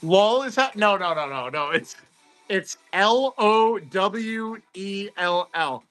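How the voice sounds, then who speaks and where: Man, casual livestream host, excitable and chatty, bright tone, soft background music. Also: sits high, slow pace. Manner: excitable, chatty, greets viewers by name. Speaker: host of a card-opening livestream.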